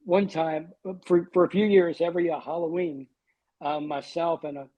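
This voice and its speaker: A man's voice: on the high side, fairly even intonation, moderate pace, dark tone, rough recording. A man in his sixties, a guest on a podcast, telling wry, self-deprecating stories. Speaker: guest, TV weatherman. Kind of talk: storytelling in a podcast interview.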